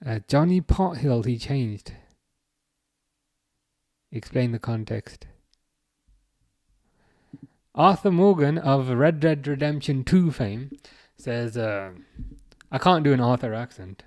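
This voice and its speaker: A man's voice: medium pitch, animated, takes it slowly, long pauses, a little mellow, dry recording, studio quality. Man hosting a chat stream. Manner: hesitant, lots of fillers and restarts. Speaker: livestream host. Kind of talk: casual chat reading viewer comments.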